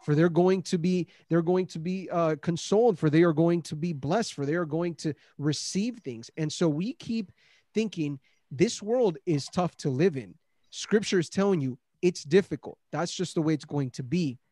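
A man's voice: a little high, normal speed, mellow, no echo, studio quality. A man hosting a Christian discussion, speaking earnestly with many restarts and rising emphasis on key points. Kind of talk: casual faith discussion.

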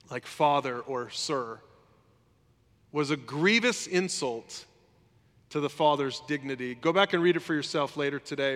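A man preaching a sermon in a lively, conversational way, often acting out what others say. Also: mid-range voice, long reverb tail. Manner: animated, conversational preaching, acts out quotes. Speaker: pastor.

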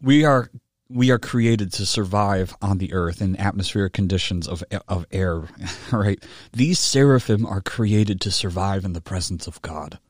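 Low-voiced man preaching a Bible study. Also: measured pace, no room sound, clean studio sound. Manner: conversational, with tag questions and gentle humor; rises in pitch and volume when reading a quoted book aloud. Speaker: pastor teaching a Bible study. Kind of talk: sermon.

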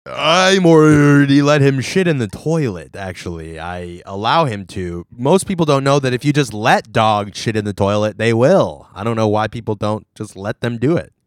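A man's voice: medium pitch, lively intonation, moderate pace, few pauses, smooth, dry recording, clean studio sound. A man co-hosting a casual comedy chat, playful and reading out posts. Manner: playful, reads from a forum, laughs along. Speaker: podcast co-host.

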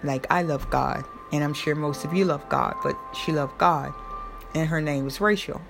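A woman's voice: deep voice, moderate pace, creaky, music in the background. A young woman talking casually and emotionally, rambling with many fillers and restarts. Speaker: host. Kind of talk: casual personal talk.

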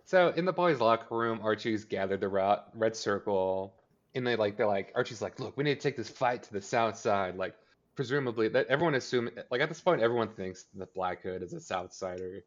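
A man's voice: on the low side, lively intonation, fairly quick, highs cut off. A man co-hosting a podcast, recapping a TV episode in casual chat and acting out the characters' lines. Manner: rambling, filler-heavy, acts out character lines. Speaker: podcast co-host.

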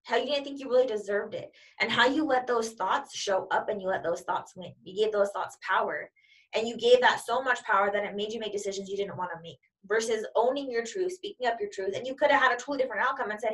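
A woman's voice: fairly high pitch, fast talker, fairly bright tone, far from the mic. A woman giving an emphatic, repetitive motivational talk as a coach. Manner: emphatic and repetitive, piling up examples.

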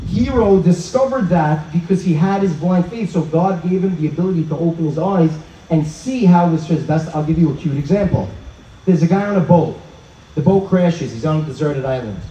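Animated man telling stories, higher mellow voice. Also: slight background noise. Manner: animated storyteller who acts out quoted dialogue. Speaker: speaker at a religious event. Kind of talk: inspirational talk. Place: outdoor evening gathering. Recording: roomy, dull sound from a distance.

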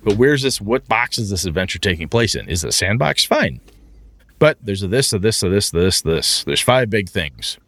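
A man chatting casually about running tabletop games, animated and profane, often acting out his players in a raised, excited voice. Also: fairly low pitch, moderate pace, no room sound. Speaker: podcast co-host, game master.

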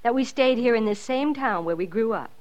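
A woman's voice: fairly high pitch, lively intonation, a little fast, darkish tone, dull audio, close to an everyday voice. A woman playing a contented small-town wife. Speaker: mother in radio play. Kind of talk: 1940s radio acting.

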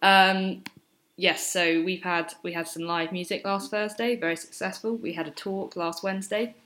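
Woman, co-host, slightly low voice, casual chat, teasing, laughs easily. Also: fairly even intonation, moderate pace, fairly bright tone. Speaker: co-host, bookshop worker.

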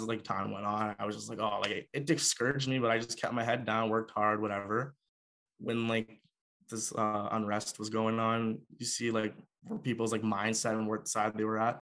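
A young Canadian man who used to play hockey tells a personal story casually and conversationally, leaning on lots of filler words. His voice is fairly low in pitch with a fairly bright tone.

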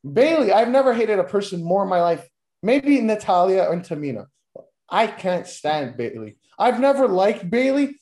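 A man co-hosting a casual wrestling podcast, ranting with heavy profanity and bursts of mock shouting. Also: sits high, sing-song, normal speed, reverberant. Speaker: podcast co-host.

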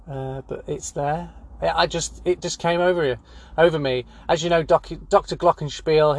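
A man hosting a spoof news segment, rambling deadpan with many fillers. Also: on the high side, dry recording. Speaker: comedy news host.

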